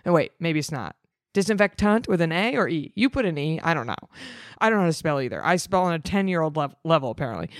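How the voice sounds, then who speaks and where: A woman reading a story aloud in a dramatic way, breaking off for sarcastic, deadpan comments. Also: on the low side, quick pace, no echo, clean studio sound. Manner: sarcastic, mocking asides; swings between dramatic reading and flat deadpan.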